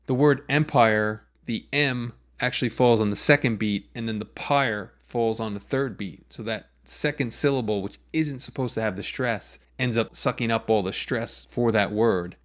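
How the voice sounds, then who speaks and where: Songwriting teacher, male, low register, calm step-by-step explainer. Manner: patient, methodical, walks through examples step by step. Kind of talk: explanatory lesson.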